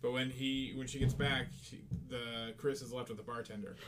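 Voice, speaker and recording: A man casually chatting as a podcast co-host, mostly chiming in briefly and adding the odd recollection in a relaxed way. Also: mid-range voice, moderate pace, a little hiss or hum. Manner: brief agreeing interjections, relaxed. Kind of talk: casual chat.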